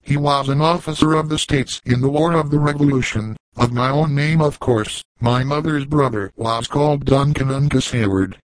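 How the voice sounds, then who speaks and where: A man's voice: mid-range voice, moderate pace, hardly any pauses, no echo, lightly acted, rough recording. A man reading a haughty young officer. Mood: proud. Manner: haughty, dignified. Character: proud young male army officer, haughty.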